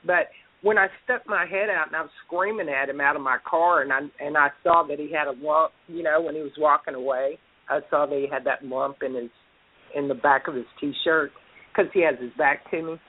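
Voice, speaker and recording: A woman's voice: deep voice, a little fast. A woman telling a story in a casual, blunt and heavily profane way. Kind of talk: casual storytelling on a podcast call. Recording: tinny phone-line sound.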